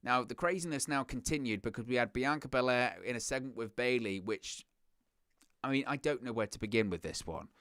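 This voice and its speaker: A man's voice: medium pitch, brisk, a bit bright, dry recording, clean studio sound. A man hosting a wrestling reaction show, ranting in a sarcastic, exasperated way. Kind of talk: casual reaction commentary.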